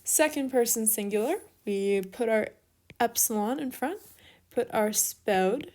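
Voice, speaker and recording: A young woman teaching an online Greek lesson, spelling out each form at an unhurried pace. Her voice sits a little high. She talks as she writes and now and then says sorry for repeating herself. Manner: steady, step-by-step explaining while writing, with small apologies.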